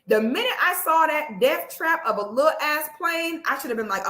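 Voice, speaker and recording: Animated woman vlogger, high bright voice, comic storytelling, echoey room. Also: normal speed. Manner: animated, loud exclamations, cursing, speaks directly to viewers.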